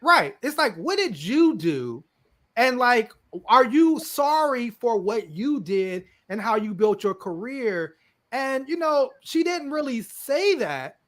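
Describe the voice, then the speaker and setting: A man with a fairly high speaking voice co-hosts a podcast in a loose, conversational way. He leans on "you know" and "like" and chuckles between points. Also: big pitch swings, takes it slowly, a bit bright. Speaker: podcast co-host. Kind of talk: casual discussion.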